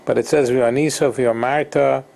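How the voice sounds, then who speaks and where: A man teaching an informal Torah lesson, halting and repeating himself, mixing Hebrew terms into English. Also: mid-range voice, steady tone, vocal fry, a little mellow. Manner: slow, halting, repeats words and restarts.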